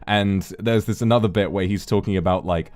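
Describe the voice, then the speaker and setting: A man's voice: lowish voice, steady tone, brisk, darkish tone, no room sound. A man hosting a casual chat on stream, easygoing and thoughtful. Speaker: streamer hosting a talk segment.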